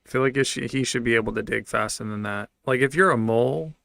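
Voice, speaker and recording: A man's voice: mid-range voice, quick pace, creaky, fairly bright tone, dry recording, clean studio sound. A man giving casual reaction commentary, blunt and sarcastic, swearing freely. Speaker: streamer reacting to videos.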